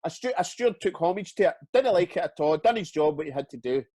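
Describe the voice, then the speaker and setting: A Scottish man with a voice pitched a little higher than most men spins a story in casual chat. He swears freely and stumbles over repeated words. The recording is close and dry, with almost no room sound. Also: expressive, fast, mellow, no echo. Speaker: retired footballer, interview guest.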